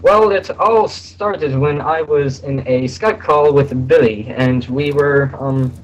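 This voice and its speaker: A young man in a casual interview over a voice call, halting and full of restarts, his voice a bit hoarse. The sound is dull and lo-fi with a faint hiss behind him. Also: a little high. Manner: halting, many fillers and restarts. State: slightly hoarse, a little sick. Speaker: voice actor guest.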